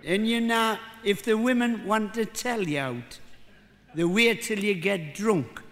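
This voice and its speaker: In a live hall with a faint murmur from the crowd, this older Geordie stand-up comedian from North East England rambles through self-deprecating jokes and trades banter with the audience. He speaks in a high, unhurried voice with a slightly bright quality.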